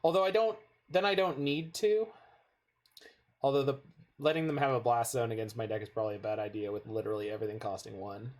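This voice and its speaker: Talking fast in a darkish, mid-range voice, this North American man plays a card game on stream. He keeps up a casual chat with viewers and drifts into meandering side stories.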